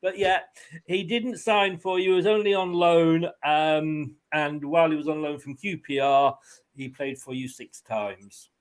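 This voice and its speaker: Guy hosting a fan quiz stream, kinda high voice, chatty and giggly. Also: steady tone, a little slow. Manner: chatty, laughs often while talking. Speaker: quiz host. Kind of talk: casual online quiz show chat.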